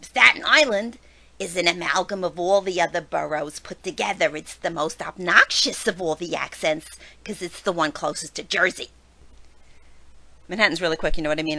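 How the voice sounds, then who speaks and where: A woman's voice: lowish voice, moderate pace, pushed and bright. A woman, playfully demonstrating in a theatrical way. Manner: theatrical, demonstrates each accent.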